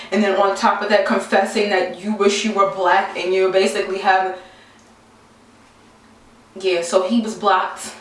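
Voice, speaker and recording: Young woman vlogger, animated storytelling, exasperated, very echoey room, distant mic. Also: mid-range voice. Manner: animated, exasperated, acts out quotes. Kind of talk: casual storytelling to camera.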